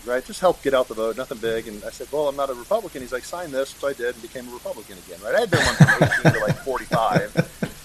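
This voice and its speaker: A middle-aged man telling a story in a casual interview, animated and acting out the voices of people he quotes. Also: medium pitch, slight background noise, poor audio. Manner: animated, acts out quoted voices, chuckles often. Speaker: guest, state senator.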